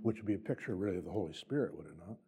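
A man's voice: sits low, lively intonation, racing, mellow, breathy edge. A man in a Bible study group, thinking aloud in a tentative way as he offers an interpretation. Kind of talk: group discussion contribution.

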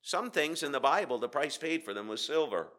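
Bright-voiced preacher with dramatic pauses. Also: male voice, on the high side, animated. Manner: dramatic pauses, rhetorical questions, swings from loud to hushed. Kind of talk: sermon. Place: church.

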